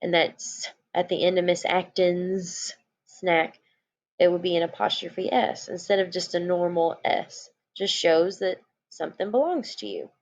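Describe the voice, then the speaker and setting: A woman's voice: lowish voice, a little slow, highs cut off. A woman teacher giving a recorded lesson to young children, explaining patiently.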